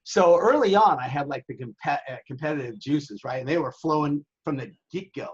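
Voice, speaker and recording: A man spins loose, profane anecdotes, now and then putting on the voices of the people in them. His voice is husky and a bit high, and the recording sounds dull and lo-fi. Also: expressive, a little fast. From Southern California. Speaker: interview guest, sailing website owner. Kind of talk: casual storytelling.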